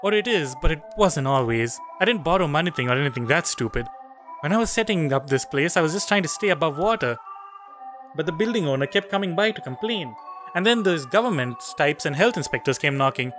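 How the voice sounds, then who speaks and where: A man reading the lines of a kindly cat cafe owner who explains things earnestly and softly. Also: fairly high pitch, animated, brisk, faint music behind.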